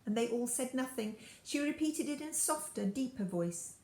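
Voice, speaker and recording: A woman's voice: high-pitched, expressive, moderate pace, mellow, echoey room, rough recording. A woman reading a children's story aloud expressively. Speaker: storybook reader.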